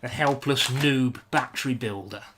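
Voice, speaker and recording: A young British man with a British accent works at a bench while chatting casually with his live-stream viewers, making self-mocking jokes and apologising a lot. His mid-range voice moves at normal speed over a noisy background.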